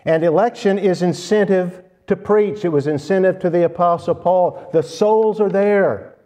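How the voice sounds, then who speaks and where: A man preaching a sermon, speaking slowly and deliberately and stressing key words. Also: high voice, warm tone.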